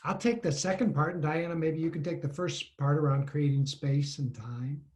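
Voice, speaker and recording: A woman coach hosting a webinar on a video call, calm and validating, with a gently playful touch. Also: sits low, normal speed.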